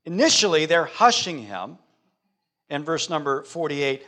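A man preaching a sermon dramatically, swinging from loud declarations to hushed words and asking his listeners rhetorical questions. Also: fairly high pitch, sing-song, moderate pace.

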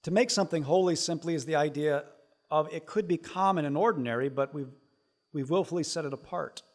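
A middle-aged man preaching a sermon as pastor, swinging between hushed asides and loud, emphatic lines. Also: a little high, a little fast.

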